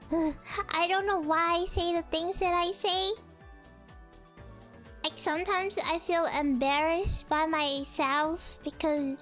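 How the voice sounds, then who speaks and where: A young woman streamer telling a story in casual chat, excitable, exclaiming, and mocking herself. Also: very high voice, takes it slowly, long pauses, faint music behind. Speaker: virtual streamer.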